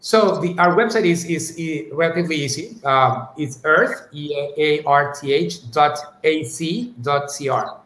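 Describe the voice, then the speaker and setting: A man who leads a university answers questions as a guest in a live-streamed interview, speaking thoughtfully with many restarts, asides, "you know" and "right?" His voice is a little high and fairly bright, at a measured pace with hardly any pauses. The recording has roomy echo and faint ambient noise.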